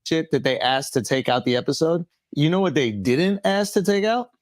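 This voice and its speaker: Lively, mocking man on a dry mic. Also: on the high side, moderate pace, dry recording. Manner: mocking, laughing through his lines. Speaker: podcast co-host in a played clip. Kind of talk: comedic banter.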